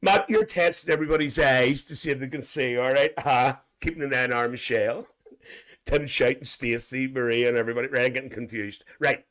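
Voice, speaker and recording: A man's voice: mid-range voice, fairly even intonation, fairly quick, a bit bright. A Northern Irish man hosts a casual live stream, reading out viewers' comments and spinning a loose, joking story for them. He talks in a chatty, teasing way and slips a chuckle in every few lines. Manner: chuckles often between lines. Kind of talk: casual live chat, imagined coach trip.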